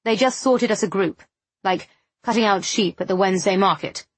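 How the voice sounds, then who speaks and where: Woman voicing a worn-out, dryly ironic young gentleman in an audiobook, with a slightly husky tone. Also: mid-range voice, moderate pace, no echo, close to an everyday voice. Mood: weary. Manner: tired, dry and understated. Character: weary, wry young gentleman helper.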